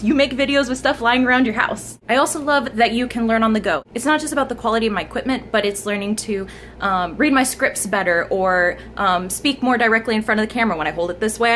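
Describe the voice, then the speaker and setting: A woman's voice: fairly high pitch, fairly bright tone. A young woman giving a chatty, enthusiastic update on her gaming channel, recorded close on her smartphone at home. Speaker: gaming YouTuber. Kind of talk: informal channel update vlog. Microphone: smartphone camera mic held close. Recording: smartphone mic, faint background noise.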